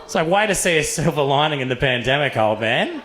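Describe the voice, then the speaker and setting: A young Australian man performing a stand-up routine on a comedy club stage, telling stories in a crude, animated way full of swearing. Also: on the high side, brisk, a little hiss or hum.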